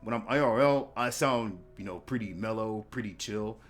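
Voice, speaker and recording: A man hosting a casual interview podcast, talking in a halting way with repeated words and lots of fillers. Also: fairly low pitch, faint music behind. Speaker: podcast host.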